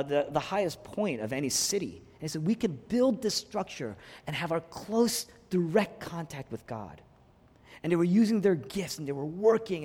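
A man preaching a sermon, surging from hushed, quiet phrases to soaring emphatic peaks. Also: fairly high pitch, husky. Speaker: pastor. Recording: long hall reverb.

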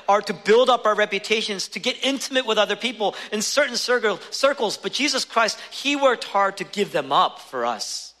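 A man with a high, bright voice preaches a sermon, pressing his points with rhetorical questions. He swings between raised, urgent stretches and hushed, quiet ones. His voice rings out with the long reverb of a big hall.

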